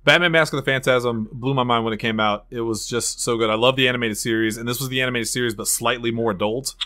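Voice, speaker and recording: A man's voice: medium pitch, steady tone, fast talker, bright, forceful tone. A man co-hosting a podcast, chatting casually and enthusiastically about movies, sometimes tripping over names. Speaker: podcast co-host. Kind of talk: casual chat.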